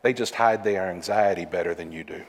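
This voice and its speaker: A man's voice: low-pitched, a little fast. A man preaching a sermon as pastor, speaking emphatically and repeating key phrases for stress. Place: church sanctuary. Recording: long hall reverb.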